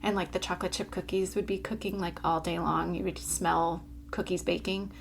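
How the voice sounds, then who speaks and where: A woman's voice: on the low side, steady tone, moderate pace, vocal fry. Chatty woman asking questions, faint hum. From Florida. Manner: chatty, leads with questions, laughs often. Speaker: podcast co-host. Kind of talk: casual chat.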